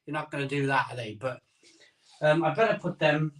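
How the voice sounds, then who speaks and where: A man's voice: a little high, a little fast, a bit bright, far from the mic. A man hosting a casual live stream from home, rambling and reading out viewer comments.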